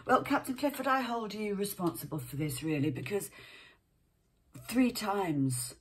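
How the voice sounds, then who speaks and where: Husky-voiced woman reading aloud. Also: medium pitch, animated, a little slow. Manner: chatty, breaks off to comment, sometimes whispers. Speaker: reader. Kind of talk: reading a book aloud with asides.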